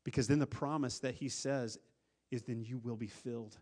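A pastor preaching a sermon, earnest, with a voice that swells louder and then drops to a hush, often repeating words as he restarts. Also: mid-range voice, fairly even intonation, normal speed. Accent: Upper Midwest American.

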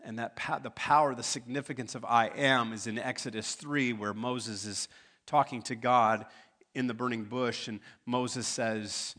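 A man's voice: mid-range voice, steady tone, unhurried, fairly bright tone. Conversational male pastor preaching. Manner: conversational, joking asides to the congregation. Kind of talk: sermon. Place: church sanctuary.

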